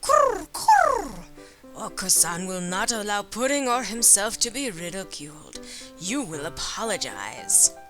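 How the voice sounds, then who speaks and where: A woman voicing an eccentric, excitable male dove who refers to himself in the third person and coos, over game music. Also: medium pitch, moderate pace, close to an everyday voice. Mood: indignant. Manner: speaks of himself in third person, cooing "kurr".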